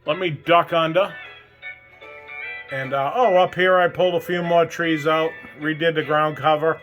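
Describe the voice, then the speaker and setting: A man's voice: on the high side, fairly bright tone, low-quality recording. A man from New England giving a casual, rambling tour of his model railroad layout, with plenty of fillers, filmed on a handheld phone at home. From New England, USA. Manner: rambling, plain-spoken, lots of fillers. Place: home train layout room.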